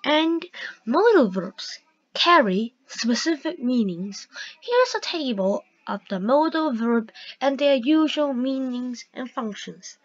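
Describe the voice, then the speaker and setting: A woman teaching a grammar lesson, reading example sentences aloud slowly and carefully. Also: sits high, sing-song. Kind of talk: slow grammar lesson narration. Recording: dull lo-fi recording.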